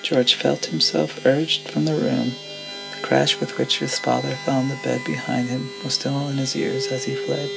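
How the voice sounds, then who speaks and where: Guy narrating a classic story, gravelly voice, pretty flat, music going underneath. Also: mid-range voice, normal speed, low-quality recording. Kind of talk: audiobook reading of classic fiction.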